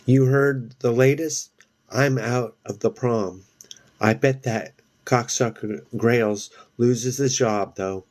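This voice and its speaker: A man's voice: mid-range voice, slow pace, a little mellow, natural voice. A man voicing a brash, sneering teenage girl with a crude tongue, reading from a novel.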